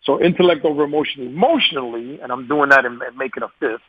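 A man in his forties, a guest telling stories in a casual interview, animated, laughing often, and repeating words as he starts sentences. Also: mid-range voice, fast, slightly rough, dry recording, dull audio. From New York.

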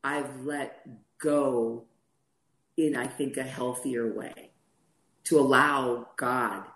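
A woman's voice: a bass voice, steady tone, drawn-out words, fairly bright tone. A middle-aged woman co-hosting a faith talk show, telling a personal story and acting out the dialogue. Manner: storytelling, acts out quoted dialogue. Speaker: podcast co-host. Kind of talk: personal testimony in casual chat. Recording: roomy echo.

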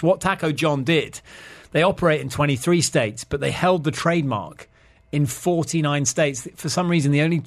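A man's voice: a little high, moderate pace. A man hosting a podcast, chatting as he tells a history segment. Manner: chatty, storytelling. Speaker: podcast host. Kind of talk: casual chat, telling a history segment.

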